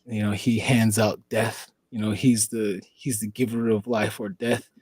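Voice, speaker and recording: A man's voice: lowish voice, flat delivery, measured pace, a little mellow, husky, no echo, poor audio. A man from the Four Corners region of the US, a podcast guest telling a long story in a rambling way and leaning on "you know". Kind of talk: casual storytelling.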